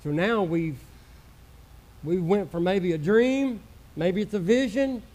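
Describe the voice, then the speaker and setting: A male pastor preaching a sermon with passion, swinging from loud outbursts to hushed, intimate murmurs and acting out the voices of doubters. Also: sits high, slow. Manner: acts out quoted voices of doubters.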